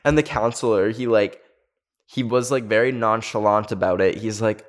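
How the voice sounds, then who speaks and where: A man's voice: mid-range voice, a little fast. A man in his twenties telling a personal story to camera in a casual, rambling way, full of "like". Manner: rambling, heavy use of filler "like". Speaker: storytelling video host.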